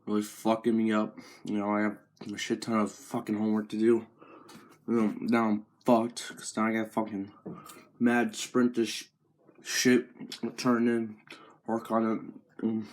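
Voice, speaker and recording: A teenage boy in a crude, profane comedic rant to camera, with a mocking deadpan drawl. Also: lowish voice, measured pace, long pauses. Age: teens. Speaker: vlogger.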